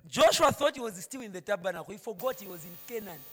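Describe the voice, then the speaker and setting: A man preaching a sermon, swinging between shouted points and hushed storytelling. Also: high-pitched, lively intonation, quick pace, background noise. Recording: echoey hall reverb.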